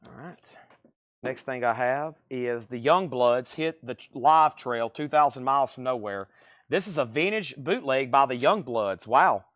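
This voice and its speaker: A man auctioning vinyl records on a livestream, reeling off condition grades, prices and bidders' names in a quick, steady patter. His voice sits at an ordinary middle pitch and is recorded close and dry, with no room sound. Now and then a cough from allergies breaks in. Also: no room sound. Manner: quick, running commentary on records, grades and bids. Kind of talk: fast live-sale patter.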